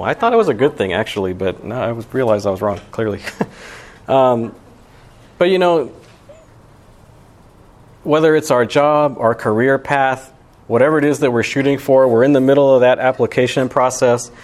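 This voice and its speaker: A man's voice: mid-range voice, normal speed, a little mellow. A young man giving a sermon as pastor, talking in a casual, conversational way with lots of "you know" and "right". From Alabama.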